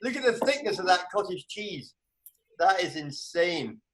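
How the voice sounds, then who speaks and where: Scottish comedian guest, animated storyteller, fairly high voice, roomy echo on a video call. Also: male voice, unhurried. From Scotland. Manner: animated, bursts into high exclamations. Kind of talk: casual video call chat.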